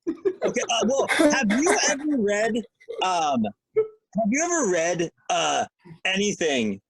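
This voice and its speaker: A man's voice: sits high, huge pitch swings, slow pace, fairly bright tone, slight background noise. A man co-hosting a podcast in casual chat, rambling and joking as he talks. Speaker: podcast co-host.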